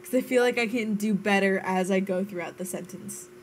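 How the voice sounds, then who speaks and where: A woman's voice: medium pitch, brisk, slight background noise. A young American woman streaming a game, chatting casually with friends, giggling and swearing playfully. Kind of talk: casual chat while gaming.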